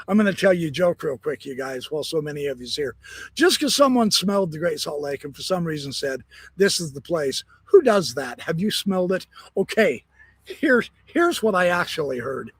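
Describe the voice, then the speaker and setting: A man hosting a live stream from his backyard, chatting loosely and laughing at his own corny jokes. His voice sits a little high and sounds husky. The sound is dry and close. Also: dry recording. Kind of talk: casual live-stream chat. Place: backyard, outdoors.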